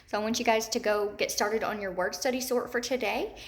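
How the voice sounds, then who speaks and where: A woman teacher giving a slow, deliberate phonics lesson to young children, repeating each word and checking in with "okay?". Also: on the high side, steady tone, slight background noise. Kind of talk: recorded remote phonics lesson.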